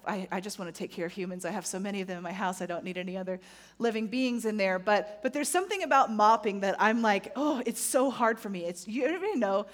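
A pastor in her thirties preaches in a conversational, animated style, regularly checking in with her listeners. She has a mid-range voice.

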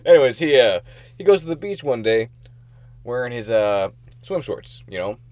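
A man's voice: medium pitch, big pitch swings, moderate pace, a little mellow, no room sound. A man co-hosting a casual podcast, teasing his friend with crude humor and giggling. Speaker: podcast co-host. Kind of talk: casual joking chat.

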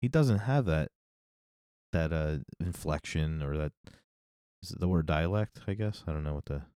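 Man, low voice, dark tone, rambling casual podcast chat, dry close sound. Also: animated, moderate pace, clean tone, dry recording. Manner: rambling, self-correcting, laughs often. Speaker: podcast co-host.

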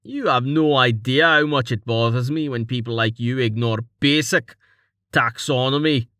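A man voicing a pedantic, grumpy old retired adventurer who scolds gruffly in a storybook reading. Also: medium pitch, normal speed, sharp tone, no room sound, clean studio sound, lightly acted. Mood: lecturing.

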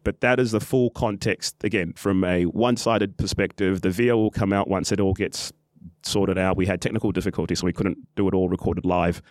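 Man, podcast host, low voice, dry close mic, casual storytelling, acts out quotes. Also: fairly quick, no echo. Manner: animated, acts out quotes, many ums and restarts. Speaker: podcast host and football club official.

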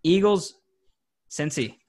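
A man's voice: fairly high pitch, expressive, darkish tone. A young man co-hosting a sports podcast, chatting casually, rambling and ribbing his co-hosts. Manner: teasing, rambling, quick jokes at his co-hosts. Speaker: podcast co-host.

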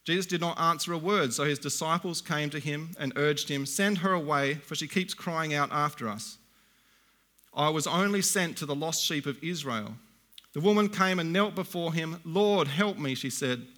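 A middle-aged man preaching a sermon, reading scripture slowly and deliberately, then explaining it in plain, conversational asides. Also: on the high side, sharp tone.

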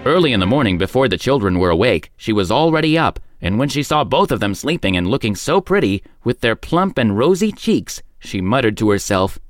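A man narrating a fairy tale in an expressive storyteller's manner. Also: medium pitch, fairly quick, few pauses, no room sound. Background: background music.

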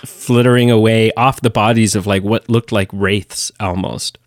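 A man's voice: lowish voice, moderate pace, dry recording, clean studio sound. A man co-hosting a podcast, talking enthusiastically and emphatically in a casual review chat. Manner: enthusiastic, emphatic, animated retelling. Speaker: podcast co-host.

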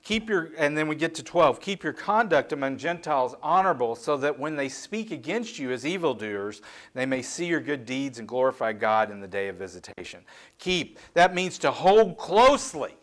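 A man's voice: medium pitch, lively intonation, moderate pace. A middle-aged man preaching a sermon in a candid, self-deprecating, conversational way, talking to the congregation like friends. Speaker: pastor.

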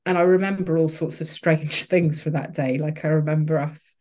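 A woman's voice: low-pitched, steady tone, normal speed, darkish tone. A woman, a podcast guest, telling a personal story candidly, with frequent restarts and fillers. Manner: open, emotional, many restarts and fillers.

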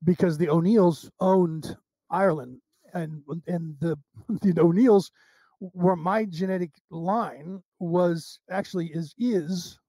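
An American man talks as a guest in a casual interview, telling long, winding stories with plenty of restarts. His voice sits high but has a soft, mellow tone. The sound is close and dry, with no room echo. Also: takes it slowly. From United States. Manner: rambling, animated anecdotes with restarts.

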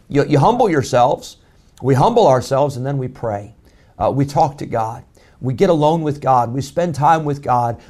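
A man, preaching a sermon as pastor, rising loud on key lines and dropping to a low hush for emphasis. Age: 40s.

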